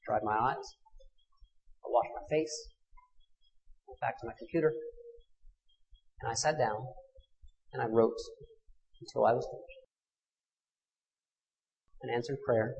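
A man in his thirties, a minister, telling a personal story in a sermon, swinging from fierce loud passages to hushed ones. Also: medium pitch. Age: 30s. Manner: intimate confessional storytelling with dramatic swells and hushed drops. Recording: long hall reverb.

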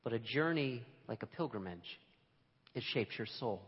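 A man preaching a sermon to a congregation in a relaxed, conversational and self-deprecating way, with emphatic moments. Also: medium pitch, moderate pace, husky, long reverb tail, highs cut off. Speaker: pastor. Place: church sanctuary.

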